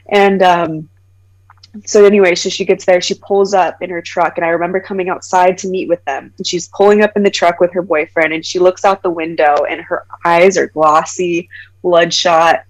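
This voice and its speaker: Animated woman in her thirties telling a story. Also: lowish voice, normal speed, low-quality recording. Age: 30s. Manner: animated, acts out quoted voices, frequent "like" fillers. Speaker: podcast guest. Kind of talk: personal storytelling in conversation.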